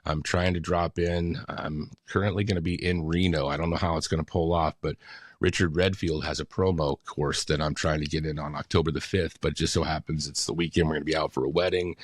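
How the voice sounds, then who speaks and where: A man who works as a radio imaging voice talent, talking as a podcast guest in an eager, storytelling way, with a deep announcer-style voice and frequent laughs. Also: fairly even intonation, brisk, no room sound, clean studio sound. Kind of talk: casual podcast chat.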